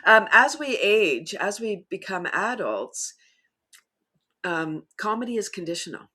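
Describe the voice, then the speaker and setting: A woman's voice: measured pace, slightly rough. A woman guest in a casual interview, talking enthusiastically and laughing often as she explains. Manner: animated storyteller, bursts higher and louder when excited. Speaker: guest, laughter yoga teacher.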